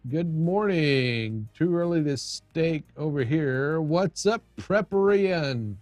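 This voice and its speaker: A man's voice: fairly high pitch, lively intonation, takes it slowly, a little mellow, no room sound, soft background music. A man hosting a casual livestream, chatting loosely with viewers while he tweaks his audio setup, often restarting his sentences. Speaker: livestream host. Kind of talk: casual live-stream chat.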